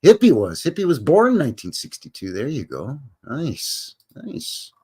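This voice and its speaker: Man, 50s, live stream host, casual, folksy, animated pitch. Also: fairly quick, husky. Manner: folksy, rambling, chatty. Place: home.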